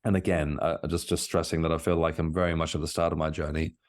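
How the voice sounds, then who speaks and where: Deep-voiced man, halting storytelling. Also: level tone. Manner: hesitant, many restarts and fillers. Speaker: podcast guest. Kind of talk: conversational storytelling.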